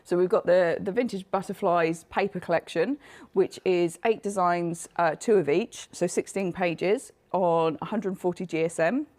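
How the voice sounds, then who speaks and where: A woman with a hoarse, failing voice, chattily presenting her craft collection on a live shopping show. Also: on the low side, moderate pace, darkish tone. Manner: chatty, self-deprecating, laughs often. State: coughing, losing her voice.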